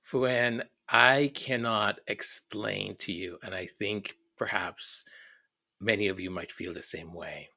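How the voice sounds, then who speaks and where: A man's voice: on the low side, fairly even intonation, takes it slowly, creaky, pushed and bright. A middle-aged man hosting his channel, chatting casually and emotionally as he reads viewer comments, often repeating words and hesitating. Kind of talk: casual chat.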